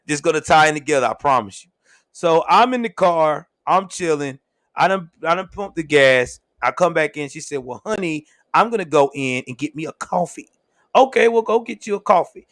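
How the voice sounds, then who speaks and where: A young man hosting a livestream, telling a story in a casual, laughing, animated way. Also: on the high side, no room sound. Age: young adult. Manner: laughs often, animated, swears freely. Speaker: show host.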